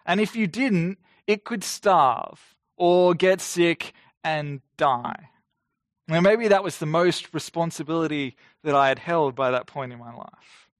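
A man in his forties delivering a sermon in a fairly high voice. He speaks in a measured, emphatic way and slows down to stress key phrases. The recording is dry and close. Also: lively intonation, no echo. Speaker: preacher.

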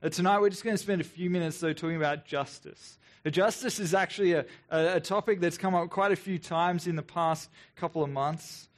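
An earnest male pastor with a fairly high voice delivers a reflective sermon. He talks in an unhurried, thoughtful way, with mocking rhetorical asides. He often repeats his words as he works through each point. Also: steady tone. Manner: earnest, reflective, with quick sarcastic asides when voicing the people.

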